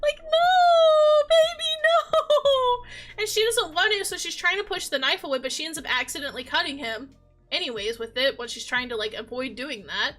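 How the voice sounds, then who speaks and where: An animated young woman talks casually about a story, emotional and quick to laugh. Her voice is high and bright. Faint music plays behind her. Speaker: video creator. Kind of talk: casual chat.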